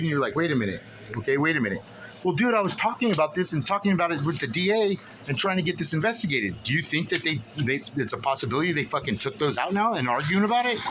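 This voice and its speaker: A man's voice: on the high side, background noise. Agitated, profane man venting to camera. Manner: agitated, profane, rambling with many restarts. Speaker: vlogger. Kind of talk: casual venting monologue to camera.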